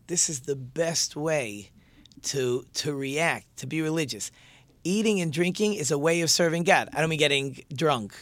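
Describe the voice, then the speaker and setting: A man's voice: on the high side, a bit bright, dry recording. A male teacher giving a conversational religious lesson and posing rhetorical questions to his listeners.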